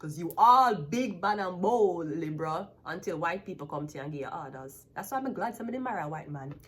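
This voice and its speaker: A woman's voice: on the low side, animated, fairly quick, slight background noise. A woman, a tarot reader ranting bluntly and profanely to the camera. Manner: profane, blunt, emphatic, laughs often. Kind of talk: unscripted rant to camera.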